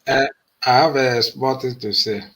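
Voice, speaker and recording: A man talking as a guest on a talk show, stopping often on hesitant uh sounds between his points. His tone is bright and forceful, at an ordinary pitch. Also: steady tone. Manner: halting, full of uh pauses. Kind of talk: call-in discussion.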